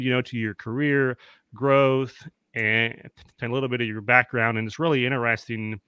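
A man's voice: mid-range voice, sharp tone, clean tone, no room sound, studio quality. Upbeat man hosting a live stream. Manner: upbeat, chatty, greets viewers by name. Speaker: host. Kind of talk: live-streamed panel interview.

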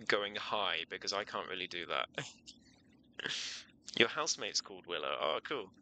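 A man's voice: fairly low pitch, animated, takes it slowly, long pauses, bright, forceful tone, slight background noise, low-quality recording. A man streaming a video game in casual, playful commentary, thinking aloud and giggling often.

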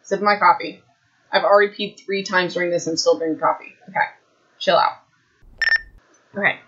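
A woman hosting a podcast from home with a hoarse, raspy throat, chatting in a rambling, self-mocking way and saying "like" a lot. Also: lowish voice, steady tone, normal speed, fairly bright tone, highs cut off, a little hiss or hum. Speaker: podcast host. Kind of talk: casual chat, rambling book summary.

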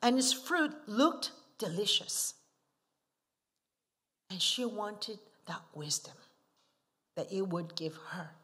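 A woman's voice: mid-range voice, lively intonation, slow, pauses often. A woman missionary preaching a sermon, asking the congregation rhetorical questions and stressing key words emphatically. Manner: asks the listeners frequent rhetorical questions; emphatic, swinging from soft asides to forceful stresses.

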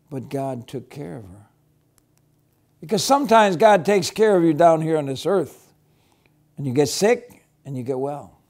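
A man teaching a children's church Bible lesson, gently reassuring as he tells the story and prays. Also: fairly high pitch.

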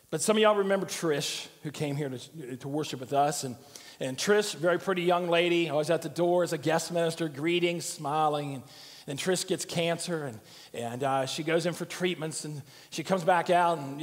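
A middle-aged man pastor preaching in a folksy, storytelling way, often circling back over his words. His voice sits a bit high for a man. It rings through a long church reverb, with loud music playing underneath. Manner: folksy, repetitive storytelling with many restarts. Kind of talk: sermon. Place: church sanctuary.

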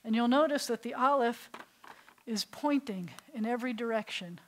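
A middle-aged woman rabbi teaching a beginners' Hebrew class, patient and playful, slowly sounding out syllables for students. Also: a little high, low-quality recording. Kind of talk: classroom language lesson.

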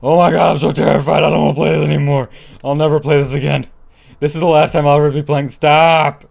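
A young man hosting his gaming channel, nervously commenting on a horror game, swearing and repeating himself in hushed murmurs and sudden yelps. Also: fairly high pitch, little pitch movement, quick pace, gravelly.

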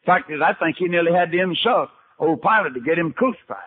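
A man's voice: on the high side, fast, slight background noise. An older man preaching a sermon, telling Bible stories in a folksy way and acting out the dialogue himself. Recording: tinny archival sermon recording.

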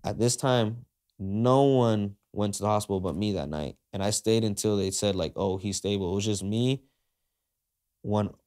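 A man's voice: on the low side, moderate pace, a little mellow. A man, a podcast guest, retelling a story in slangy casual speech, full of "like" and "uh", acting out the quoted dialogue. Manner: frequent fillers like "like" and "uh".

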